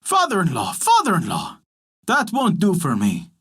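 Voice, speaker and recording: A man voicing a demanding, croaking male frog in a storybook tale, with whiny, insistent demands. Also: high-pitched, wildly swooping pitch, normal speed, fairly bright tone, heavily acted.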